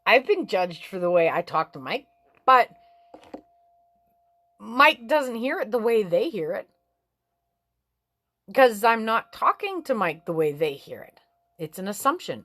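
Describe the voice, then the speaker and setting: A woman talking in a frank, rambling way about life and relationships, swearing freely and climbing high in pitch when she gets animated. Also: dry recording. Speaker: vlogger giving life advice. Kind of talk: casual spiritual chat.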